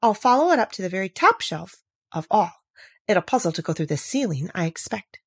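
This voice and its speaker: A woman reading a storybook aloud, voicing a polite, earnest seven-year-old girl who speaks gently and sometimes plaintively. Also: medium pitch, sing-song, fairly quick, breathy edge, no room sound, studio quality.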